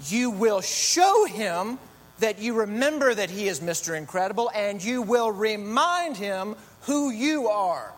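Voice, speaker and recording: A man's voice: high voice, expressive, a little slow, voice pushed up. A man playing an intense, tiny, avant-garde woman costume designer, barking bossy clipped orders. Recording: long reverb, faint hum.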